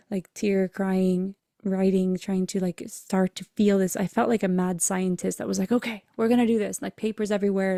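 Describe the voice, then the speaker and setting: A woman's voice: mid-range voice, mellow, dry recording, studio quality. Earnest woman telling a personal story. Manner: emotional, earnest, acts out dialogue in her story. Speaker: podcast host and breathwork coach.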